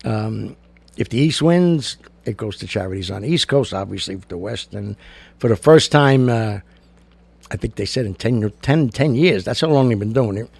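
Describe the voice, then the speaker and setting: Gravelly, blunt older talk-show host. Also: male voice, fairly low pitch, expressive, normal speed, a little mellow, no echo. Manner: gravelly, blunt and chatty, with many fillers. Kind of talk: casual talk-show monologue with jokes and opinion.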